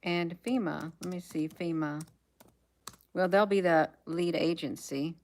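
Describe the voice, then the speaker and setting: A little slow and a little mellow, her voice rests on the low side. This American livestream host reads headlines aloud in a casual way, talking to herself and fading out with lots of ums.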